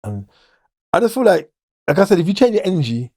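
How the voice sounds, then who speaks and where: Middle-aged guy rambling fast in an interview, dark voice, dry mic. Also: sits high, sing-song, no echo. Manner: fast, rambling, restarts sentences. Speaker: guest, former prisoner. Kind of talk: casual interview talk.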